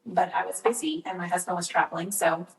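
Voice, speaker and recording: A woman's voice: on the low side, little pitch movement, fast, gravelly. A middle-aged woman in escrow, chatting casually on a podcast and telling stories about her work and family. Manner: chatty, storytelling, laughs easily. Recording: echoey room, distant from mic.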